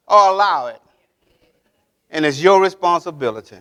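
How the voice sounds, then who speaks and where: A man's voice: sits high, animated, unhurried, long pauses, bright, forceful tone. A man, a pastor, preaching a sermon. He speaks emphatically, repeats key phrases and keeps asking the congregation if they are with him. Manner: preaching with call-and-response questions to the congregation. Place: church sanctuary.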